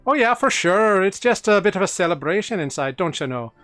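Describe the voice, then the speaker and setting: A woman's voice: deep voice, expressive, normal speed, no room sound, faint music behind. A man voicing a big, easygoing half-orc woman bouncer in a folksy put-on accent that keeps slipping. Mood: breezy.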